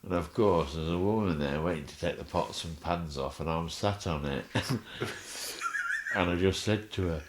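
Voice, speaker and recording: Deep-voiced, chuckling male storyteller. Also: normal speed, background noise. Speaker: guest. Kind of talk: anecdotal storytelling in a podcast interview.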